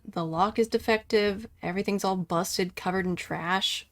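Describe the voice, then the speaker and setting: A woman's voice: mid-range voice, steady tone, normal speed, fairly bright tone. A woman streaming a video game live, chatting casually with her viewers and laughing easily.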